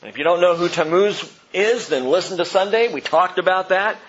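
A man preaching a Bible teaching sermon, reading expressively with loud emphasis and hushed drops. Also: sits high, brisk, muffled recording, a little hiss or hum. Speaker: pastor.

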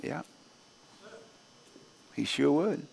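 A man preaching a sermon, animated and joking with the congregation, often jumping into high voices to act out quoted people. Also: extremely slow, vocal fry, a little hiss or hum. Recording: long hall reverb.

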